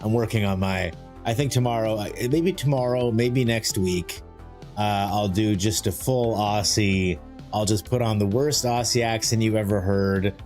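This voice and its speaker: A man's voice: lowish voice, darkish tone. Jokey man hosting a live stream. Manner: jokey, rambling, greets chatters by name. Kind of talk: casual live-stream chat. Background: faint music.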